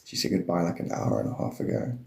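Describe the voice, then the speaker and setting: A man's voice: low-pitched, sing-song, quick pace, vocal fry, dark tone, reverberant. A man hosting a live stream, rambling loosely about spirituality and cats and drifting between topics. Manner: meandering, free-associating, laughs often, slips into silly voices.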